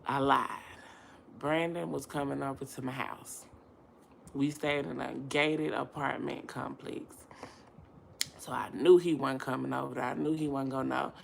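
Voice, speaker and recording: A young woman telling a personal story straight to her viewers in a slangy, emotional way, sliding from low murmurs into loud laughing outbursts. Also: steady tone, measured pace, gravelly, a little hiss or hum. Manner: slangy, addresses viewers directly. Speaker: vlogger.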